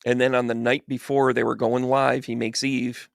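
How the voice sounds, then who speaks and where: Male medium, irreverent comic storyteller, gravelly, rambling, dry close sound. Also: medium pitch, flat delivery, moderate pace, no echo. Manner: irreverent, rambling, stammering restarts. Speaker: spiritual medium.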